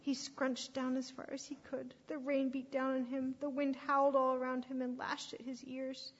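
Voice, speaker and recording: A woman's voice: high voice, normal speed, husky. Woman storyteller in an echoey hall. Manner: expressive, with hushed whispered passages. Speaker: children's storyteller at church. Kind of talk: storybook reading to children. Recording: echoey hall, dull lo-fi sound.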